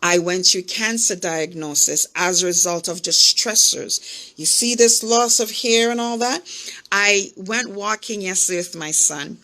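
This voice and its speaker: A woman hosting a podcast, telling a personal story in an animated way and speaking straight to her listeners. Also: medium pitch, measured pace. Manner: animated, acts out the voices in her stories. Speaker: podcast host. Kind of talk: personal storytelling, coaching talk.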